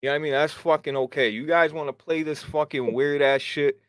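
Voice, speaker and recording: A man's voice: on the high side, fairly even intonation, a little fast, clear, resonant tone, dry recording. Grumbling, profane man on a dry mic. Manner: grumbling, profane, self-described hater. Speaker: podcast host. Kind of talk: casual gaming podcast chat.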